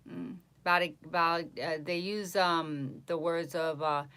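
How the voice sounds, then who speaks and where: A woman's voice: fairly low pitch, steady tone, normal speed, hardly any pauses, fairly bright tone, clean tone. Chatty woman with a New York accent. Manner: chatty, answers viewers' comments, trails off and restarts. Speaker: psychic reader livestreaming. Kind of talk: casual livestream chat.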